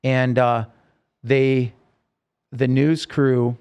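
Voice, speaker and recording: He's a singer-songwriter on a podcast, a man with a mid-range, smooth, darkish voice and a flat delivery. Even so, the personal story he tells comes out earnest and emotional, in halting sentences full of restarts.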